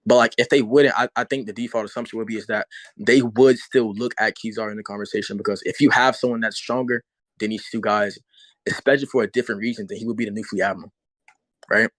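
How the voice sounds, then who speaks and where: A man's voice: fairly low pitch, steady tone, quick pace, a bit bright, no echo, rough recording. A man debating casually, hesitant, with many restarts and fillers.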